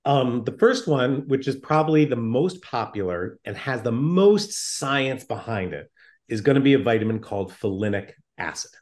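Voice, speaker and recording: A man's voice: medium pitch, lively intonation, moderate pace, darkish tone. A man speaking as a doctor in an interview, explaining things in an emphatic, plain-spoken way.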